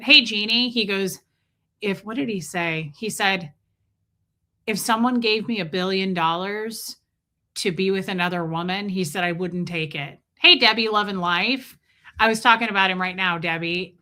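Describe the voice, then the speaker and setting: Woman streamer just chatting, bright sharp voice, keeps stopping to say hi to people in chat. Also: lowish voice. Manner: rambling storytelling, breaks off to greet chat viewers by name. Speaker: livestream host. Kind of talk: casual livestream chat.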